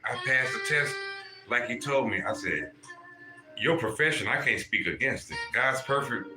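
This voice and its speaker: A man hosting a casual livestream and giving spiritual readings. He talks straight to his viewers in an animated, profane way. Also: mid-range voice. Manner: animated, profane, addresses chat viewers directly. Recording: echoey room with music playing. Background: music.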